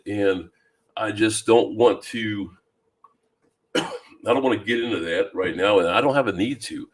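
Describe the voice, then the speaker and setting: A man from Louisiana hosting a fishing live stream, chatting casually and greeting viewers by name with a deep voice and plenty of ums. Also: steady tone, measured pace, pauses often. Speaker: fishing channel host. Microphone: new microphone.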